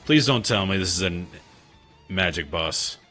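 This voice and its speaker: Man, let's play host, wry joking asides, low voice, forceful tone. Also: animated, measured pace, soft background music. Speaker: gaming channel host.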